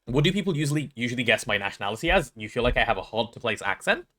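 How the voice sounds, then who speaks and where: A young English man casually chatting on a gameplay livestream, reading chat aloud and joking, quick to apologize. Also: medium pitch, big pitch swings, bright, forceful tone. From England.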